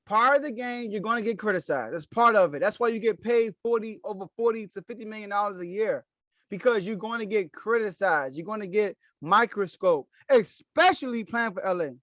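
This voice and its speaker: A man's voice: high voice, fairly quick, a bit bright, no room sound. A man hosting a solo sports podcast, giving emphatic opinion commentary and repeating his key phrases for weight.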